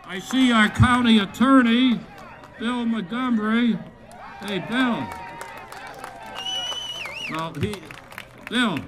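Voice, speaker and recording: A man from Massachusetts, a sheriff, giving a blunt, joking outdoor rally speech into a microphone, with bursts of shouting. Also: very high voice, slow pace, long pauses. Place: outdoors at a state capitol lawn. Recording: outdoor rally with crowd noise.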